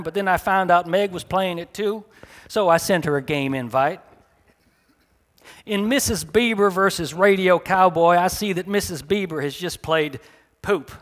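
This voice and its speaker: A man's voice: sits high, fairly bright tone. A man reading his short story aloud at a live café event, in a dry, wry first-person storytelling manner.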